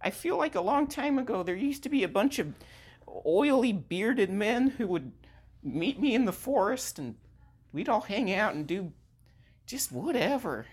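A woman's voice: medium pitch, sing-song, a little slow, darkish tone, slightly rough. A woman playing a dim-witted creature from hell who co-hosts a podcast. She talks in a rambling, scatterbrained way and often loses her thread, in an improvised comedy podcast. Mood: absent-minded. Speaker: co-host. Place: podcast studio.

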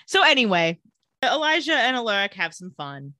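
Bright, lively young woman podcaster. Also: a little high, normal speed, no echo. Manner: chatty, playful, laughs easily. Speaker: podcast co-host. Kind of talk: casual chat recapping a TV episode.

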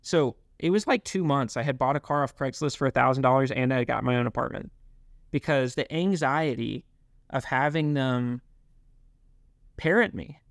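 A young man telling his life story in an interview, halting, with many fillers and restarts. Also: medium pitch, creaky, no echo, clean studio sound. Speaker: guest. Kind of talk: reflective interview talk.

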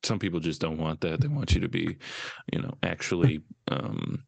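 A man with a very low, gravelly voice chatting casually on a podcast in a dry, close-sounding room. He is laid-back and swears freely, with frequent chuckles. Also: expressive, normal speed, no room sound. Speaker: co-host.

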